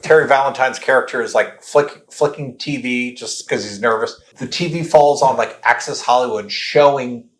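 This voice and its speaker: A man's voice: mid-range voice, normal speed, few pauses, fairly bright tone. Rambling man talking about movies. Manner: rambling, fills with "like". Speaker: podcast co-host. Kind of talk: casual film discussion. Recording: echoey room.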